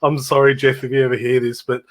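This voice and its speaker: A man's voice: medium pitch, little pitch movement, fast, slight background noise. A middle-aged Australian man telling rambling stories about his old band in casual chat, laughing and imitating people as he goes.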